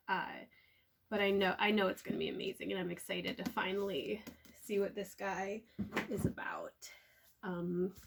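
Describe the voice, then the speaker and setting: A young woman talking casually and excitedly about the books she bought, with plenty of "um" and "like.". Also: mid-range voice, gravelly. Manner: chatty, filler-heavy, excitable. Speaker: book vlogger. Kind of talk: casual book haul chat. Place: at home.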